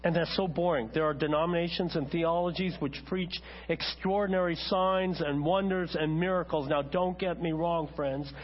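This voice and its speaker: A man preaching a sermon as a pastor, talking conversationally to his congregation and turning animated when he tells a story. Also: a little high, normal speed, hardly any pauses. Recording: dull lo-fi church recording with mains hum.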